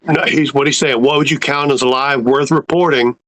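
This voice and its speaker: Male host, relaxed, reads out viewer questions, mid pitch, dry close sound. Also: fairly quick, dry recording, rough recording. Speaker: interview host. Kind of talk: casual interview questions.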